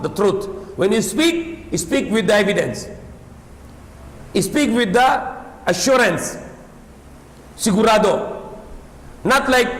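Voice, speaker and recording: High-voiced man preaching in an echoey hall. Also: fairly bright tone. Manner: emphatic, repeats points, non-native English with some Tagalog. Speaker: Islamic preacher. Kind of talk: sermon lecture.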